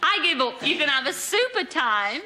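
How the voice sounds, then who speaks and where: A woman hosting a game show before a studio audience, lively and teasing, laughing as she talks. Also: high voice, normal speed. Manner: bubbly, teasing, laughs while talking. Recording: loud noisy broadcast with crowd.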